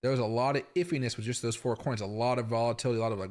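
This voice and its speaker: Male stream host, mid-pitched, loose and chatty, addressing the audience directly from his house. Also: very fast, a little mellow. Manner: chatty, rambling, talks straight to viewers. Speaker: crypto livestream host. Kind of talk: casual livestream commentary. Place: home.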